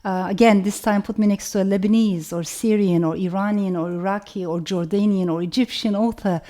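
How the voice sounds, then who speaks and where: Turkish-accented woman author, mellow voice, measured reflective talk. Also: mid-range voice, fairly even intonation. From Turkey. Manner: thoughtful, measured, often says "you know".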